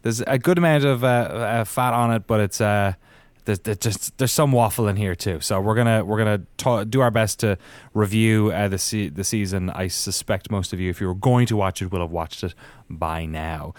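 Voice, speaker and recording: A man's voice: on the low side, moderate pace, no echo. A man co-hosting a casual podcast, rambling with lots of fillers and restarts. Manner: rambling, many fillers and restarts, laughs mid-sentence. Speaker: podcast co-host.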